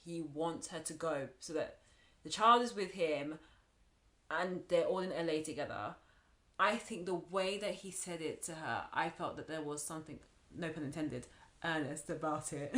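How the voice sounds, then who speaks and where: A woman's voice: lowish voice, expressive, normal speed, a bit bright. A woman co-hosting a podcast, thinking her points through and often restarting. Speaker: podcast co-host. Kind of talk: casual chat. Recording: roomy echo.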